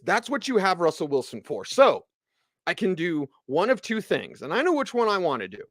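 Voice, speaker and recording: A man co-hosting a sports radio show, ranting loudly and mocking people with put-on quotes. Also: high voice, dry recording. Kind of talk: heated sports radio rant.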